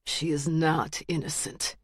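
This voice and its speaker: A woman voicing a menacing male killer who speaks in a quiet, low, deliberate way. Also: level tone, husky, no room sound, studio quality. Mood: cold menace. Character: menacing male killer, cold and self-righteous.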